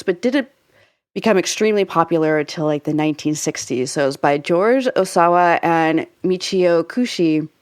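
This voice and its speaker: A woman's voice: on the low side, darkish tone, dry recording, studio quality. A young adult woman co-hosting a podcast, explaining at length in casual chat with lots of filler words. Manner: chatty, explains at length with frequent "like" fillers and laughs. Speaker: podcast co-host.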